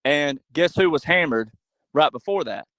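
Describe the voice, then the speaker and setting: A man speaking as a podcast guest in an animated monologue, emphatic and full of rhetorical questions. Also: fairly high pitch, normal speed, no room sound, low-quality recording. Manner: acts out quoted voices.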